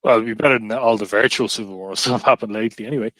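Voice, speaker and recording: A man hosting a podcast, joking and moving briskly through the topics. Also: on the low side, fairly bright tone, no echo. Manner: brisk, jokey, runs the segments. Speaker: podcast host. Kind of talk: casual podcast chat.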